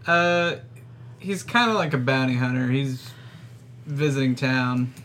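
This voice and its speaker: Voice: mid-range voice, unhurried, fairly bright tone, slight background noise. A player in a tabletop role-playing game who laughs often.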